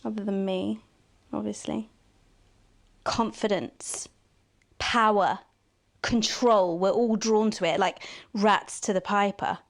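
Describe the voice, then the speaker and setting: A sultry female news anchor turned tempter in a video game, purring taunts and teasing low asides. She sounds scheming and mocking, with a middling pitch. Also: fairly even intonation, slow pace, creaky, pauses often. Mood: seductive.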